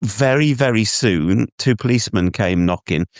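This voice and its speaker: A man's voice: on the low side, moderate pace, no echo, studio quality. A man co-hosting a podcast, telling a rambling story in casual chat, laughing often and restarting his sentences. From England. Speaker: podcast co-host.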